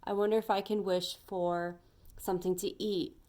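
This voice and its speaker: A woman's voice: mid-range voice, flat delivery, normal speed, a little mellow, lightly acted. A woman voicing a downtrodden man in a parable who doubts he deserves anything good. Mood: amazed.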